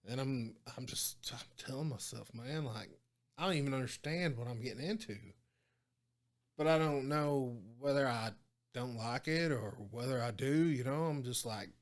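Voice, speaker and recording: Swearing freely, an Oklahoma man with a drawl and a mid-range voice recounts tales from his days as a prison guard during a laid-back podcast interview. He voices the people in his stories with lively quoted dialogue, getting louder as the tension builds.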